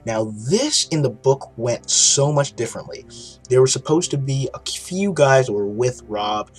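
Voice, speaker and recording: A man giving a casual video review of a TV episode, retelling it excitedly with lots of swearing and restarts. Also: mid-range voice, normal speed, husky, soft background music. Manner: excited, profane storytelling with frequent restarts.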